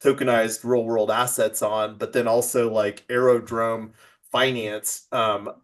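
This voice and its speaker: A man's voice: mid-range voice, level tone, unhurried. A man hosting a casual online office-hours chat, rambling with many fillers and restarts. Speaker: project host.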